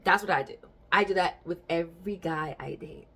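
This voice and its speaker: A woman's voice: fairly low pitch, moderate pace, pushed and bright. A young adult woman hosting a podcast, chatting casually and telling stories frankly with bursts of laughter. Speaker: podcast host.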